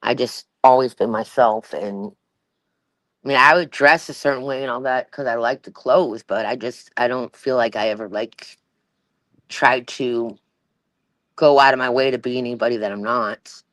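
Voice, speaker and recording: A woman with an extremely low-pitched, fairly bright voice hosts a livestream at a normal pace, and the recording is dry. She chats casually and rambles, full of fillers and restarts, in a Valley Girl-style voice.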